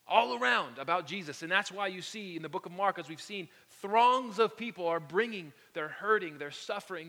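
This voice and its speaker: A man preaching a sermon, telling stories with animated energy and dropping to soft whispers for emphasis. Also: high voice. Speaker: pastor. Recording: long echo of a large hall.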